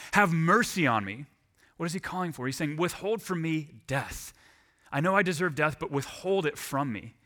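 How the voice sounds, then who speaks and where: Bright-voiced pastor preaching. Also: male voice, fairly high pitch. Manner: lively storytelling with personal anecdotes. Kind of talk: sermon.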